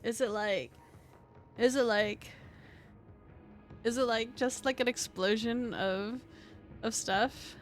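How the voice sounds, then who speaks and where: A high-voiced woman chats her way through a game stream, tired and a bit scratchy in the throat. She rambles, stacks up fillers and swears casually while poking fun at herself, with soft game music underneath. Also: fairly even intonation, slow, long pauses. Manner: rambling, filler-heavy, swears freely, self-mocking. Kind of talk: casual live-stream chat.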